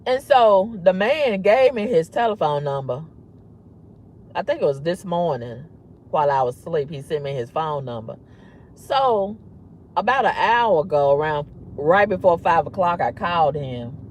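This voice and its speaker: A woman with a husky voice, telling a story to camera in a blunt, emphatic, often repetitive way. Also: on the low side, animated, normal speed, darkish tone, a little hiss or hum. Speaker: vlogger. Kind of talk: candid storytelling rant.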